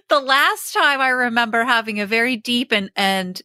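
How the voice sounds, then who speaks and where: Co-host lady, slow and kinda hesitant, bright voice, dry mic. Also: fairly high pitch, dry recording. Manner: unhurried, hesitant, self-deprecating. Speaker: podcast co-host and coach. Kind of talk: casual podcast chat.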